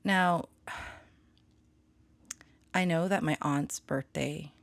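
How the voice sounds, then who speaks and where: A woman's voice: sits low, extremely slow, vocal fry, dry recording. A woman chatting casually from a small home studio, rambling and laughing often, telling stories with self-aware melodrama. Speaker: spiritual channeler and tarot reader. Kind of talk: casual chat.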